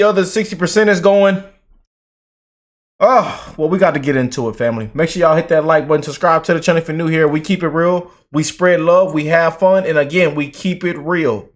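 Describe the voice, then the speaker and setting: A high-pitched man gives heated, emphatic commentary straight to his audience. He is slangy and worked up, and he keeps calling the viewers family. It sounds like a casual channel vlog. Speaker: political commentary YouTuber.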